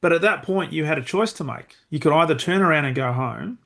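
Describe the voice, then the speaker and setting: A man's voice: fairly high pitch, expressive, a little fast, gravelly, fairly bright tone. A man hosting a podcast, reflecting thoughtfully on his guest's story and thinking aloud. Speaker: podcast host. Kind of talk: casual interview chat.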